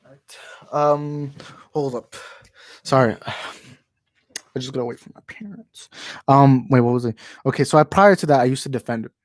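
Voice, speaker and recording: Chatting on a home live stream, a man with a medium-pitched voice talks at normal speed with frequent pauses and no echo. He's the channel host, speaking into a handheld microphone he pulls closer as he goes, and he meanders, fumbles words, restarts and keeps saying sorry for his views.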